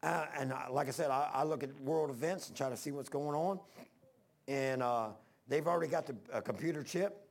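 A man's voice: a little high, brisk, vocal fry. A male preacher giving a folksy, rambling sermon, talking straight to his congregation.

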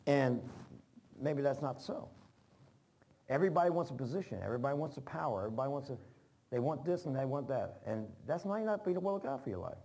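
Man, pastor, folksy rambling informal sermon style, mid pitch. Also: animated, fast talker, warm tone. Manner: folksy, rambling, repeats phrases.

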